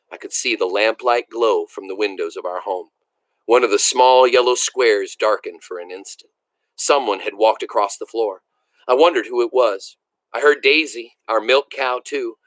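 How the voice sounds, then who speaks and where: Guy reading a book out loud, bright voice, dry close sound. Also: mid-range voice, no echo, low-quality recording. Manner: measured, expressive storytelling. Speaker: reader. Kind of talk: reading a novel aloud.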